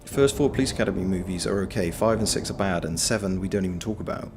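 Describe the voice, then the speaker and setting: A man giving casual, sweary live commentary on a game, yelling at enemies and chatting with viewers. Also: low-pitched, quick pace, music in the background. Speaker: game streamer.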